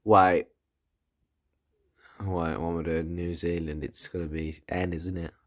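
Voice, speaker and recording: A man's voice: deep voice, level tone, a little slow. A man giving casual, rambling commentary while playing a video game, swearing and thinking aloud. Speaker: gaming video creator.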